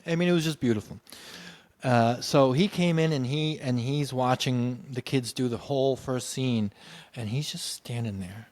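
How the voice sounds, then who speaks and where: A man recounting a personal story in a loose, conversational way. He keeps restarting his sentences and leans on "you know". He brings the story to life by jumping up in pitch to act out what other people said. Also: normal speed. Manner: animated, acts out quoted voices with big pitch jumps. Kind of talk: casual anecdotal storytelling.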